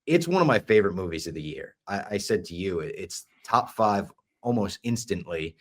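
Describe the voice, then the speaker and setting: A man hosting a podcast, chatting casually and enthusiastically, sometimes dropping to a hush for asides. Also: sits low, animated, brisk. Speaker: podcast host.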